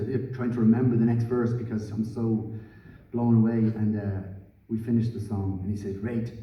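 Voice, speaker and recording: A man telling a rambling, self-deprecating story on a theatre stage, halting with fillers. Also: fairly low pitch. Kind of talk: live on-stage anecdote. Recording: echoey hall from far off, dull audience recording. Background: audience noise.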